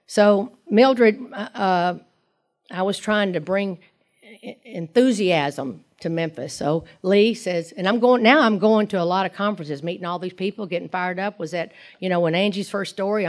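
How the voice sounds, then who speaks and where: A middle-aged woman speaking at a recovery meeting in a rambling, storytelling way. She wanders off into asides and acts out what others said to her, in a voice of ordinary pitch. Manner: rambling storyteller, many asides and acted quotes. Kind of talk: personal recovery talk.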